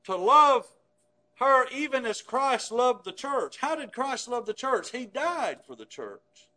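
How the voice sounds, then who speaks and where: High-voiced man preaching an emphatic sermon. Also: big pitch swings, takes it slowly. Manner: emphatic, swings from loud stresses to hushed low phrases.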